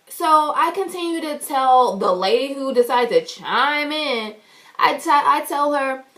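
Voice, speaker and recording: A woman vlogger telling an animated, indignant story to the camera. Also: high voice, slow pace. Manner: animated, indignant, acts out quotes loudly. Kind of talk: storytime vlog.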